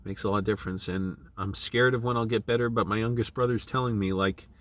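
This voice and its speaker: A middle-aged man, choked up, talking in a halting, emotional way, with many restarts and fillers. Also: fairly low pitch, steady tone. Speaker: channel creative director. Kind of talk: personal video diary.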